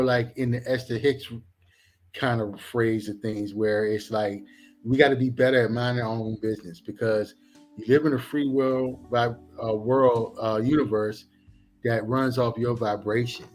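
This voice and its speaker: A middle-aged man and former police officer, a guest on a talk show, explaining in an animated, preachy way with many examples. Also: mid-range voice, moderate pace, faint music behind. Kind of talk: casual talk show discussion.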